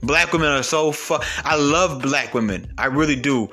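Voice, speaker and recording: A man's voice: a little high, normal speed, pushed and bright, soft background music. A man giving a blunt, profane, heated ranting monologue as an online commentator.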